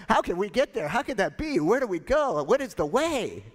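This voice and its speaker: A man's voice: high voice, very animated, normal speed, big-room sound, pitched above the performer's own voice. A man voicing the doubting disciple Thomas, bewildered and full of questions.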